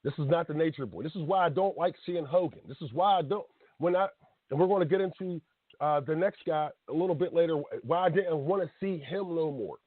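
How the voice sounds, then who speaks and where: A man's voice: fairly high pitch, a little fast, no echo. A man in his late thirties hosting a casual talk radio show, ranting bluntly and passionately with slang. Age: 30s. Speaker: podcast host. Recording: tinny phone-like sound.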